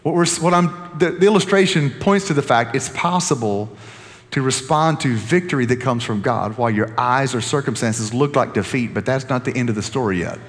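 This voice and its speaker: A man preaching a sermon as pastor, animated and joking with the congregation, often restarting his sentences. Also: mid-range voice, brisk, big-room sound.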